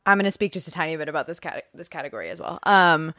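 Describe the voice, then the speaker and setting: A young woman speaks earnestly and thoughtfully as a co-host, picking her words with small pauses. Her voice sits fairly low for a woman and sounds close and dry. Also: pushed and bright, no room sound. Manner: earnest, thoughtful, a bit halting. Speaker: podcast co-host. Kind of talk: casual chat.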